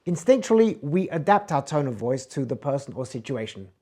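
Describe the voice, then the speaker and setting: A man teaching communication skills in an online course, swinging between loud, bright emphasis and soft, low murmurs to demonstrate tone of voice. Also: very animated, brisk. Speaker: communication coach. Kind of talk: instructional talk from an online course.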